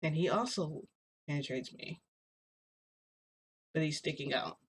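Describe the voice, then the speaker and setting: There's a little background noise as a young adult woman with a deep voice tells a story, somewhat slowly, in a casual vlog. She meanders, hesitates, and leans heavily on "like."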